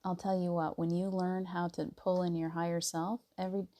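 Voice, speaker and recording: A woman giving a casual spiritual talk, laughing often and softening to near whispers as she acts out inner voices. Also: fairly low pitch, level tone, a little fast. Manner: soft and gentle, drops to near whispers. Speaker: spiritual teacher.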